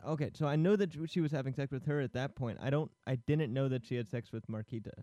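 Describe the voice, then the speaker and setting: A man's voice: medium pitch, fast, mellow, no echo, highs cut off. A man co-hosting a podcast who chats casually about a film, swearing and joking at his own slips. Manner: swears freely, jokey and self-deprecating. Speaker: podcast co-host.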